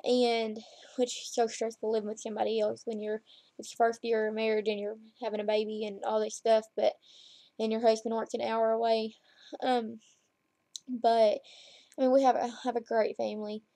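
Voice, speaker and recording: Girl in her 20s vlogging lying down, rambly and chatty, kinda high voice, dry close sound. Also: level tone, normal speed, dark tone, no echo. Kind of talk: casual chat to camera. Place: at home, lying down. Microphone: laptop webcam.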